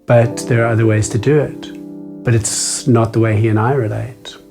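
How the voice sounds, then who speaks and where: A man hosting a meditation video, talking casually to the camera, playful and self-mocking, moving between quick chatter and slow, deliberate phrasing. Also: mid-range voice, flat delivery, gravelly, over music.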